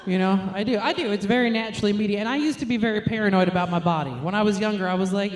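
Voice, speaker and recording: A woman's voice: medium pitch, rapid-fire, hardly any pauses, reverberant. Brash young woman doing stand-up. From New York. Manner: brash, crude, self-mocking. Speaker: stand-up comedian. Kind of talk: stand-up comedy set.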